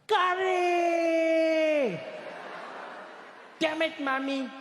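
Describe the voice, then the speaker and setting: A man's voice: very high voice, fairly quick, echoey room, big-room sound, a crowd in the background, background noise, pitched above the performer's own voice. A man voicing a frustrated schoolboy who complains about his lunch in whiny, exasperated outbursts. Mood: exasperated shout.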